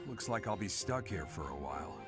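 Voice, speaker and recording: An actor playing a gruff, world-weary, middle-aged mercenary father who speaks bluntly. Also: deep voice, sing-song, fairly quick, music in the background. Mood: resigned. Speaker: mercenary father returning to the knights.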